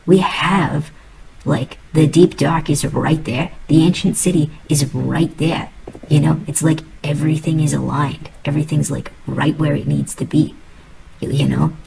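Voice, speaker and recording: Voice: medium pitch, steady tone, unhurried, gravelly, darkish tone, slight background noise, rough recording. A host giving casual, rambling commentary while playing a video game, musing aloud in a put-on accent. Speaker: let's play host.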